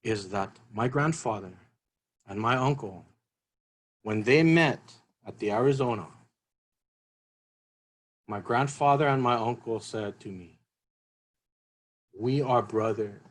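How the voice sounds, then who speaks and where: A man's voice: medium pitch, unhurried, pauses often, rough recording. A man giving an earnest, emotional talk at a seminar. He repeats his key phrases as he speaks. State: emotional, voice catching.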